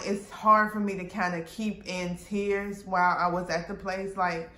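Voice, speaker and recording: A vlogger with a fairly low, fairly bright voice casually retells a frustrating personal experience in a storytime, packed with fillers and quoted dialogue. The recording sounds roomy, with faint background noise.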